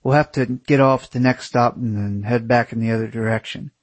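Curt, worn-out young traveller, read by a man; husky voice, clipped and irritable. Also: mid-range voice, steady tone, a little fast, close to an everyday voice. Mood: matter-of-fact. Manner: curt, snappish.

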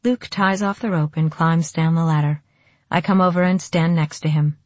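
Woman narrating an audiobook calmly, lowish voice, dry sound. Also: normal speed, no echo. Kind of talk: first-person audiobook narration.

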